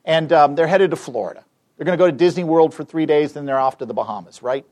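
A man giving a live training seminar, telling an anecdote to an audience in an animated, emphatic way. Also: fairly high pitch, fast talker. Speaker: seminar speaker. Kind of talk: live training talk with storytelling.

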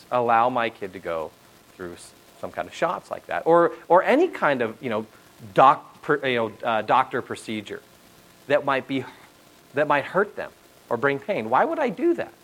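A middle-aged man preaching a sermon, telling a family story in an animated way with frequent asides to the audience. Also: medium pitch, unhurried, poor audio. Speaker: pastor.

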